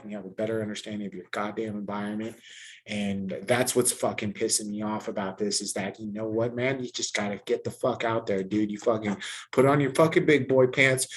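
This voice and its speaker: A man hosting a podcast in casual chat, ranting with heavy swearing and animated emphasis. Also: fairly low pitch. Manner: heavily profane, ranting and animated. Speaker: podcast host.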